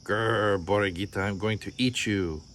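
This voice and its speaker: A hungry, gullible coyote who growls his threats, as a male storyteller acts him out. The voice sits low in pitch. Faint crickets sound in the background. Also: fairly even intonation, normal speed, a bit bright, a little hiss or hum, lightly acted. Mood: menacing.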